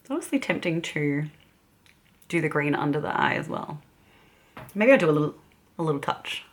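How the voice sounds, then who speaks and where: An Australian beauty vlogger chats casually while doing her makeup in a get-ready-with-me session, giggling often. Her voice is low with lively intonation, and she talks at a moderate pace.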